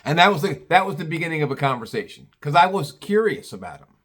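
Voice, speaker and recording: A man's voice: fairly high pitch, big pitch swings, quick pace, fairly bright tone. A man telling a casual story to his own camera, rambling, restarting often and swearing casually. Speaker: storyteller, former meat department manager. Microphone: camera he films himself with.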